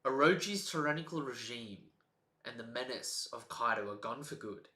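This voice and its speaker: A man reading a young male shogun's proud speech in a steady, declaiming voice, in an echoey room. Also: medium pitch, normal speed, pitched below the performer's own voice.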